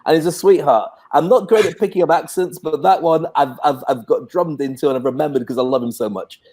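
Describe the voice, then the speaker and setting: A man's voice: a little high, fast talker, a little mellow, a little hiss or hum. A British man co-hosting in casual chat, chatty and self-deprecating. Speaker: co-host.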